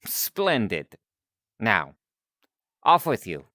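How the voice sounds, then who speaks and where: A man voicing a courteous, composed male scientist doctor on a live stream, speaking in a low, quiet, measured way, polite even when threatening. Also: no room sound, clean studio sound, exaggerated voice. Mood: coolly threatening. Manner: polite but firmly threatening. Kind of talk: live-stream character voice acting.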